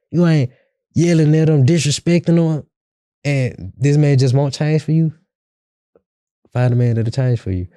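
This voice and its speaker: A man's voice: mid-range voice, dark tone, dry recording, studio quality. A young man hosting a podcast, giving blunt relationship advice in slangy casual talk and acting out both sides of an argument. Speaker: podcast host.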